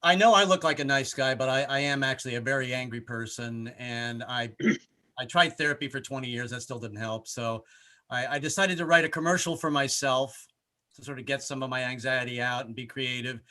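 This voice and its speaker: A man performing a rambling, self-deprecating stand-up comedy set, often shouting in put-on voices. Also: medium pitch, brisk. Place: home in Brooklyn, skyline behind.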